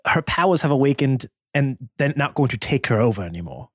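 A man's voice: mid-range voice, a little fast, dry recording, clean studio sound. A man playing a tabletop role-playing game, describing his character's actions and laughing often. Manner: lively storyteller, laughs often. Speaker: player. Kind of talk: tabletop role-play banter.

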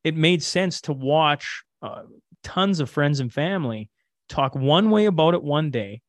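A man's voice: on the high side, expressive, unhurried, dry recording. A man from Canada with a Canadian accent, a podcaster and interview guest, talking candidly with many fillers. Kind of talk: casual conversational interview.

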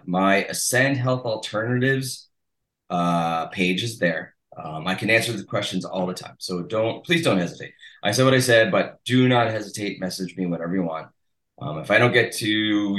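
An older man from Massachusetts talks as a podcast guest, rambling along and restarting his sentences often. His voice sits on the low side, and the recording carries a noticeable roomy echo. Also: fairly bright tone. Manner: chatty and rambling, with frequent restarts. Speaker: chiropractor guest. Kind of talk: casual podcast interview.

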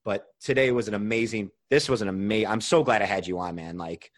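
A young man hosting a podcast as a nutrition coach, talking casually, animated and swearing freely as he rants. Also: lowish voice, brisk.

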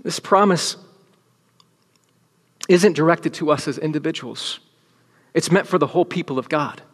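A man's voice: on the high side, moderate pace, husky, big-room sound. A man preaching a sermon to a room full of people, speaking emphatically and dropping to near-whispers to stress a point. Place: large room with an audience.

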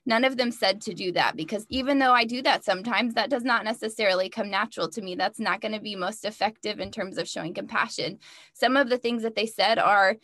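Brief: female consultant, mid pitch, warm explainer, dry room. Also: a little fast, no room sound. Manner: reflective, encouraging, explanatory. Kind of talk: casual podcast discussion.

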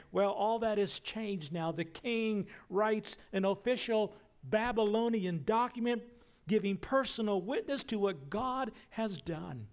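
A male preacher delivering a sermon in a slow, deliberate way. His voice sits a little high, and he acts out quotes loudly, then drops almost to a whisper for effect. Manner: slow, emphatic delivery with wide swings in pitch and loudness. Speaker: pastor.

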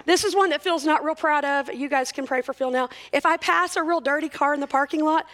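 Very high-pitched joking woman. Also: a little fast, fairly bright tone. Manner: joking, self-mocking, chatty. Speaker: church speaker. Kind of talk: humorous talk at a church service.

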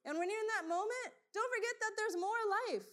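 A woman preaches with a high, light voice, chatty and loose, full of fillers and bursts of laughter. She tells stories to her congregation with animated energy. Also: fairly quick. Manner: animated storytelling, laughs often, conversational with fillers. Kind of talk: sermon.

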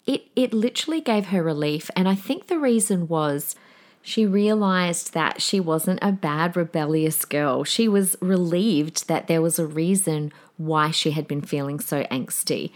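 A middle-aged woman hosts a solo podcast in a chatty, candid way. Her voice sits a little low for a woman. She slips into quoted asides as she retells her own thoughts. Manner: chatty, candid, with fillers and laughs. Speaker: podcast host. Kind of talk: casual solo podcast talk.

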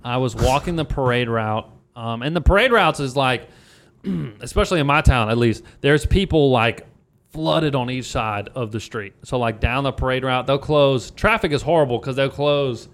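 A man's voice: mid-range voice, normal speed. A young man from Louisiana, a guest comedian, telling a rambling story in casual podcast chat, full of swearing and fillers.

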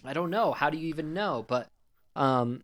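Man, co-host, wry and offhand, relaxed film talk. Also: fairly high pitch, normal speed. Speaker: podcast co-host. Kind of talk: casual film review chat.

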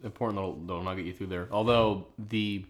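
A man's voice: low voice, steady tone, quick pace, slight background noise. A man co-hosting a casual history podcast, rambling and swearing as he explains. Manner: rambling, swears, restarts a lot. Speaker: podcast co-host.

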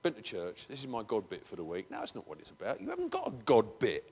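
A man's voice: on the low side, wildly swooping pitch, fast, creaky, a little mellow, husky. A man preaching a conversational sermon in a church, breaking into emphatic, raised bursts. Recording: long hall reverb.

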